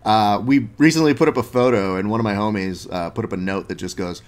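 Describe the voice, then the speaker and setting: Fairly low-pitched and fairly quick, a young man hosts a podcast in a relaxed, slang-heavy conversation with a guest. He leans into storytelling and keeps dropping "dude."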